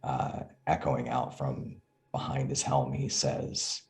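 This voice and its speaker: A man playing a tabletop role-playing game, describing his character's actions in measured, descriptive narration. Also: rumbling low, level tone, darkish tone. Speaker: player.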